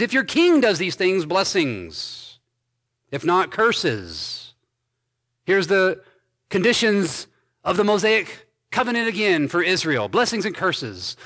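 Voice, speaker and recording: A man pastor preaching an expository sermon, reading scripture aloud and commenting on it with emphatic stresses and quiet endings. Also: high-pitched, very animated, a little slow. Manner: emphatic preaching, swinging between loud stresses and dropped soft endings.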